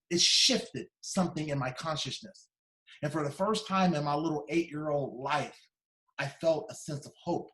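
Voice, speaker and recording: A man's voice: fairly high pitch, fairly bright tone, roomy sound. A man in his fifties from Ohio giving an emphatic motivational keynote, building his point through repeated phrases. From Dayton, Ohio, USA. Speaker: keynote speaker. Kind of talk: motivational storytelling speech. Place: large conference hall.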